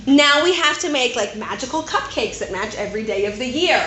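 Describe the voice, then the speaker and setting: A woman's voice: a little high, fairly quick. Chatty woman preaching in an echoey room. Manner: conversational, animated, keeps asking "right?". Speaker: speaker at a Christian women's gathering. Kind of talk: sermon. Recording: echoey room, faint noise.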